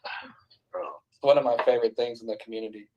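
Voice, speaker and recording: A man's voice: medium pitch, moderate pace, creaky, darkish tone, highs cut off, a little hiss or hum. A man hosting a live-stream panel who chats in a laid-back way and swears casually. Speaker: host.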